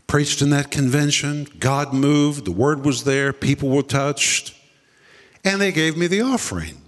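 A male preacher delivers a sermon with dramatic storytelling. His voice sits fairly high and swings down into deep, slow quoted lines. The sound carries the long reverb of a big hall. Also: fairly bright tone.

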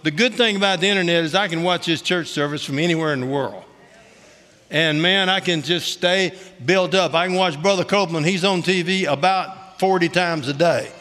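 A middle-aged man preaching a testimony sermon in a high, bright voice. He talks in a folksy, joking, colloquial way. His voice rings with the long reverb of a big hall. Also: moderate pace. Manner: folksy, humorous storytelling; colloquial Southern-style grammar, "ain't".

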